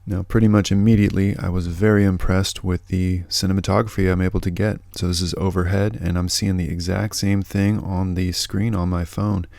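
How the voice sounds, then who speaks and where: Gravelly low-voiced man narrating a vlog. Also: fairly quick, hardly any pauses. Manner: relaxed and upbeat, chatty asides. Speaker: host of a foraging and hunting channel. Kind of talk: casual outdoor vlog narration.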